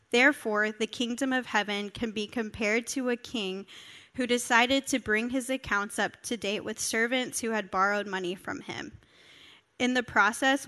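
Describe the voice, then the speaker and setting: A woman's voice: medium pitch, sharp tone. A woman preaching a sermon, reading scripture and then explaining it, earnest and emphatic as she speaks straight to her listeners.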